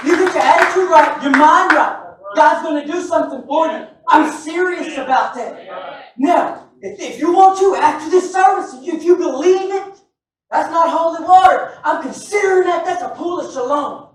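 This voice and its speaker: A male preacher delivering a lively sermon, joking with and calling out to his congregation. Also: extremely high pitch, normal speed, a little hiss or hum. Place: church sanctuary. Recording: very echoey church hall, mic far off.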